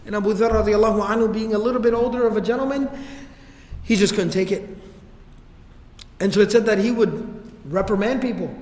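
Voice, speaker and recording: A man gives a casual, slangy religious history lecture. His voice is fairly high. It carries through a large hall with a long, roomy reverb. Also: fairly quick, pauses often, a little mellow. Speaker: religious teacher.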